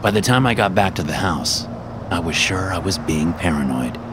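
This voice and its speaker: Deep-voiced man narrating a dark thriller. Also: lively intonation, normal speed, background noise. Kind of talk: first-person thriller story narration. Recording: clear music bed behind.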